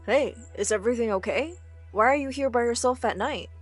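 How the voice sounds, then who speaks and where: A woman voicing a kind, friendly teenage boy in an animated story, gentle and concerned. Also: on the high side, fairly quick, faint music behind, lightly acted.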